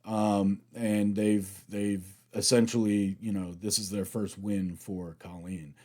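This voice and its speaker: An American man hosting a reaction video, chatting through an episode recap in an animated way. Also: on the low side, slow pace. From United States. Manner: chatty, animated retelling, acts out quotes.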